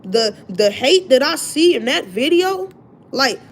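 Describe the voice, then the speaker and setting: Lady with a bit of a high voice going off on her live, worked up and animated, telling the whole story. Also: unhurried. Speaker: livestream host. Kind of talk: casual livestream rant.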